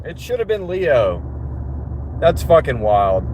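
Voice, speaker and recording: Joking foul-mouthed guy rambling to his stream, pitch all over the place, loud cars behind. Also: very animated, takes it slowly. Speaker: livestream host. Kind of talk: casual rambling chat to viewers. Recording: loud vehicle and street noise. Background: vehicle noise.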